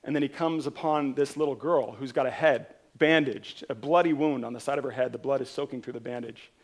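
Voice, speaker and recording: A man's voice: medium pitch, brisk. A man preaching a sermon, earnestly retelling a parable as a pastor. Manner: earnest, retelling a parable with rising and falling intensity. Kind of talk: sermon storytelling.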